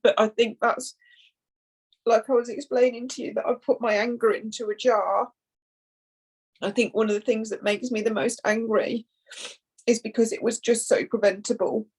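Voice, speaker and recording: A woman, a bereaved mother, speaking through tears in a halting, emotional conversation, often repeating words. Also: a little high, little pitch movement, a little mellow, slightly rough, low-quality recording. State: tearful. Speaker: foundation founder, bereaved mother.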